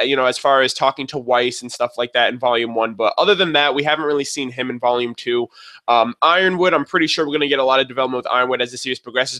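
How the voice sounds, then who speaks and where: Excitable man rambling through a review. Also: mid-range voice. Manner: rambling, excitable, many fillers and restarts. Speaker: video reviewer. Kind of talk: casual spoken episode review.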